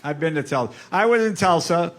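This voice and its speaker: Older wry comedian telling stories. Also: male voice, on the high side, animated. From United States. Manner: wry storyteller, quick punchlines. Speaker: comedian guest. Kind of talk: casual talk-show chat.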